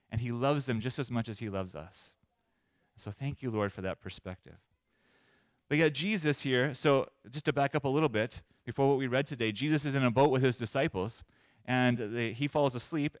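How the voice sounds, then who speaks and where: A man pastor preaching a sermon in an animated way, moving between loud emphasis and soft asides. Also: mid-range voice, no room sound.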